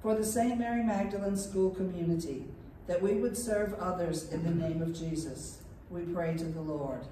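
A woman's voice: fairly low pitch, normal speed, slight background noise. Woman reading intercessions, far off in a church. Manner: steady, formal reading. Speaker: reader of the intercessions. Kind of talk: reading prayers of the faithful. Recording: distant and echoey in a church.

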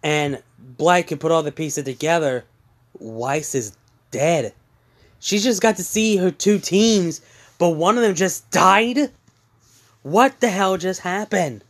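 A man casually retelling a fan story, halting with many fillers and restarts. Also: high-pitched, fairly bright tone.

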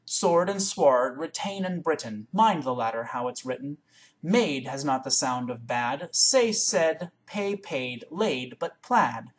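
A woman reading a poem aloud in one take into a webcam, with careful, deliberate, word-by-word recitation. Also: a bass voice, animated. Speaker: reader.

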